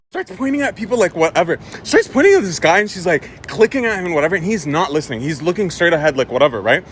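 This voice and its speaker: A young man telling a casual story with animated delivery, laughing often and mimicking people. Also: sits high, quick pace, few pauses, a little hiss or hum.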